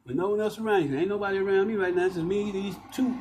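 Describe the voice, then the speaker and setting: A man's voice: sits high, very fast, a little mellow, slight background noise, low-quality recording. A man ranting into his phone outdoors, agitated, profane and repetitive. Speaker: vlogger ranting to camera. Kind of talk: rambling outdoor rant. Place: outdoors by walls and concrete.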